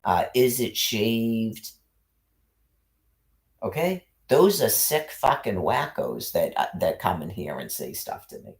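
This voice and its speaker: A man's voice: low-pitched, wildly swooping pitch, moderate pace, few pauses, a little mellow. A man ranting into his livestream in an agitated monologue, cursing heavily and repeating himself as he piles up accusations.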